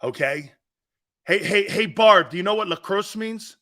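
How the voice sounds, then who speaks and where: A man hosting a sports talk show, ranting loosely and acting out his own stories with brash, animated energy. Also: high voice, measured pace. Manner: brash, animated storyteller, acts out dialogue. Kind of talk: loose sports radio rant.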